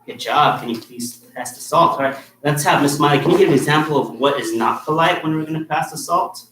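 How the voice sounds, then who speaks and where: A man's voice: fairly high pitch, brisk, a bit bright. A man teaching a kids' martial arts class, firm and encouraging, checking in with "okay?" after nearly every point. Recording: echoey room with faint noise.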